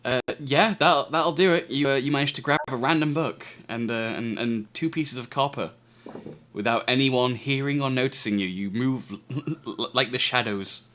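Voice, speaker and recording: A man runs a tabletop game, speaking in a bright, clear voice. He trips over his words, backtracks and restarts, breaking into chuckles as he goes. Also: mid-range voice, moderate pace, slight background noise. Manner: stammering, chuckling, frequent restarts. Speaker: game master.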